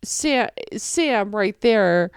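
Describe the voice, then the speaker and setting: A woman's voice: medium pitch, lively intonation, extremely slow, clear, resonant tone, no room sound, clean studio sound. A woman hosting a casual reaction video, talking expressively with some swearing and rambling thoughts. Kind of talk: casual emotional reaction commentary.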